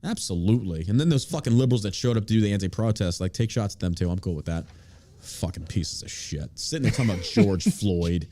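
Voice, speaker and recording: A man's voice: lowish voice, expressive, fast talker, warm tone. Ranting, profane man host. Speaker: podcast host. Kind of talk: casual podcast chat.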